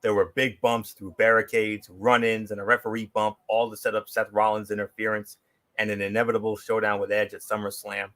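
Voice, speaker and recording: A man's voice: lowish voice, level tone, a little fast, fairly bright tone. A man co-hosting a wrestling show, delivering a polished prepared review with wry, sarcastic asides. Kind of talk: prepared review read aloud.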